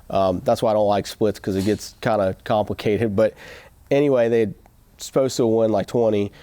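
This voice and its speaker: A man with a warm, mellow voice tells a story in a loose, rambling way, often restarting his sentences and acting out what others said. The sound is dry and close, with no room echo. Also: medium pitch. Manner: rambling with restarts and quoted asides. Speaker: host. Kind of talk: casual motivational storytelling.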